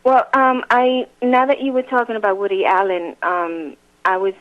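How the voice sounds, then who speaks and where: A woman's voice: mid-range voice, flat delivery, moderate pace. An actress guest chatting in an interview, laughing often and restarting her sentences. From grew up in a Latin music home, now New York. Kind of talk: casual interview chat. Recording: phone-line sound.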